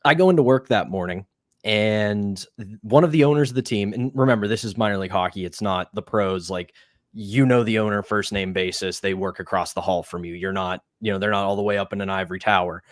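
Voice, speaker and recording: Low-pitched guy, podcast co-host, telling a story, dry close mic. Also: fairly quick, dry recording. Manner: animated anecdote telling, acts out quoted voices. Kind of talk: casual storytelling chat.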